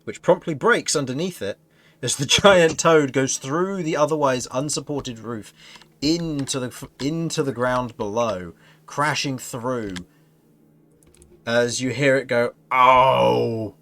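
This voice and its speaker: A man's voice: medium pitch, unhurried, fairly bright tone. A man narrating as game master of a tabletop fantasy game, rambling and correcting himself as he goes. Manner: rambling, self-correcting narration with frequent laughs.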